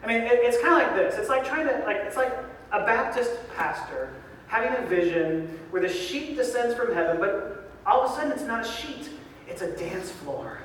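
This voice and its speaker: A man preaching a sermon as pastor, lively and joking, recorded from a distance in a large church hall. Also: very high-pitched, moderate pace, slight background noise. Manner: lively, joking preacher who acts out voices. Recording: echoey hall from far off.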